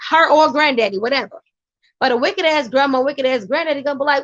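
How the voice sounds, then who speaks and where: A woman vlogger giving life advice through animated, slang-filled storytelling. Her voice sits high. The audio is dull and lo-fi. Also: quick pace. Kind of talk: casual advice monologue.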